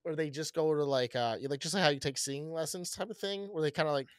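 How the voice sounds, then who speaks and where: A man's voice: fairly high pitch, quick pace, smooth, no room sound, studio quality. A young man co-hosting a casual podcast chat, rambling and swearing freely with frequent laughs. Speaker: podcast co-host.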